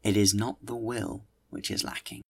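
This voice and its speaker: A man voicing a suspicious police inspector who speaks slowly, stressing every word. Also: on the low side, fairly even intonation, creaky. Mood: cold. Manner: slow, pointed, emphasizing every word.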